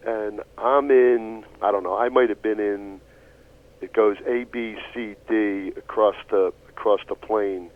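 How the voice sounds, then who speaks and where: A man telling a long, animated story on a radio talk show, swearing casually as he goes. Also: on the low side. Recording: tinny phone-like radio audio.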